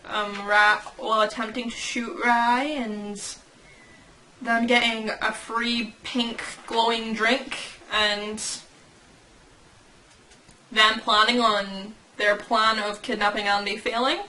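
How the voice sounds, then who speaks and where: A young woman with a fairly high voice chats casually as she reacts to what she reads. She rambles, giggles often and keeps breaking off to fix her own words. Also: little pitch movement, slow pace, sharp tone, slight background noise, rough recording. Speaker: fan channel host.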